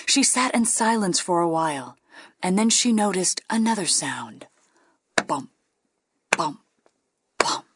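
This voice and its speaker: A woman reading a ghost story aloud, playful and dipping into hushed whispers. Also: mid-range voice, sing-song, moderate pace, breathy edge, no room sound, studio quality. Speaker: guest storyteller.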